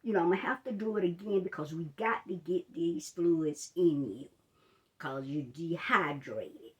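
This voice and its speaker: A steady, reassuring male doctor explains things gently and unhurriedly, as a woman puts him on. The voice drops noticeably below her usual pitch and stays soothing throughout. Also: recorded from a distance, lightly acted. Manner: slow, soothing.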